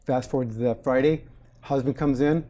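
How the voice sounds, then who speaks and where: Mellow dentist guy in his 40s, chatty, acts out what his patients said. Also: medium pitch, moderate pace. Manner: animated storyteller, acts out quotes. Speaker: dentist guest. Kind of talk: casual interview talk.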